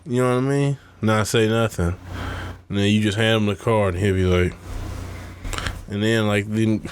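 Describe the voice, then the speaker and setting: A man's voice: lowish voice, fairly even intonation, moderate pace, slight background noise. A young man co-hosting a podcast, telling rambling slangy stories in casual chat and laughing often. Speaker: podcast co-host.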